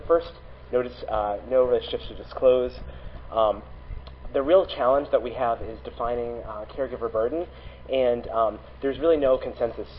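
Male academic presenter, nasal tone, halting delivery full of fillers, quick pace, dull lo-fi recording. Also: medium pitch, slightly rough. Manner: hesitant, many ums and restarts. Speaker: conference presenter. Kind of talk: academic conference talk. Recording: dull lo-fi sound with faint noise.

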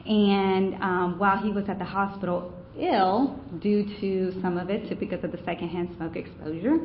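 During a conference presentation, a woman with a lowish voice tells a campaign story in a chatty, conversational way packed with fillers. The room recording sounds roomy and dull, with a little hiss or hum.

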